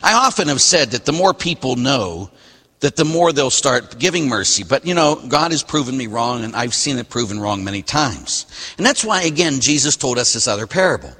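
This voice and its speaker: A man delivers a Catholic sermon with a bright, slightly husky voice, swinging between loud emphatic lines and hushed, slowed phrases. His lively pitch carries a long, ringing church reverb. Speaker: Catholic priest. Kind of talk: sermon with scripture reading.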